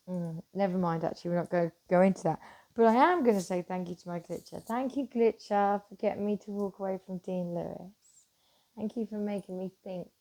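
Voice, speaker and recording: A middle-aged woman chatting casually to camera, animated and swearing freely, swinging from loud bursts to hushed asides. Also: lowish voice, gravelly. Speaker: vlogger.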